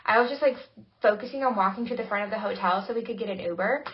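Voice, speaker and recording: A young woman co-hosting a podcast, telling a story with lively voiced-out quotes and frequent laughter. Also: mid-range voice, fast talker. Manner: animated storytelling, acting out quotes, laughing often. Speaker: podcast co-host. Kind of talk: casual chat. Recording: dull lo-fi recording.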